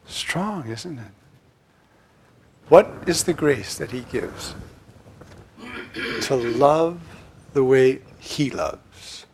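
A man preaching a sermon, swinging from loud, emphatic lines to hushed asides. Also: mid-range voice, lively intonation, drawn-out words, pauses often, slight background noise.

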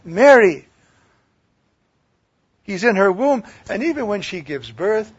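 A man preaching a sermon, swinging from loud declaiming to hushed near-whispers. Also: high voice, big pitch swings, takes it slowly, slightly rough. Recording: dull lo-fi recording.

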